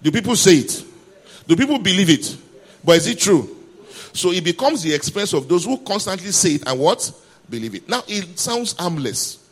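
A man's voice: high voice, sing-song, normal speed, slightly rough. A man preaching a sermon, emphatic and calling for responses from the congregation.

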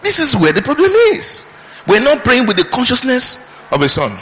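A man pastor preaching a sermon with lively rhetorical questions. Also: high voice, a little fast. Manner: animated preaching with mimicked prayers and rhetorical questions. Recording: reverberant hall.

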